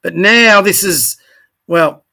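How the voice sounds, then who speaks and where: High, bright-voiced coach. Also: male voice, takes it slowly, vocal fry. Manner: direct, corrective, encouraging, addresses players by name. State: tired, yawning. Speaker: youth basketball coach. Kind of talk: casual video review commentary.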